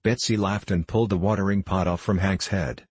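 Male storybook narrator, deep and breathy, dry close sound. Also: fairly even intonation, a little fast, darkish tone, dry recording. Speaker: audiobook narrator.

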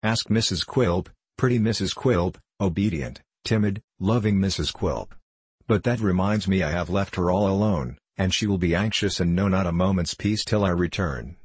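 A man reading an audiobook, voicing a sour, cruel male dwarf who talks in a dry, sneering, deliberate way. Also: low voice, slightly rough, dry recording.

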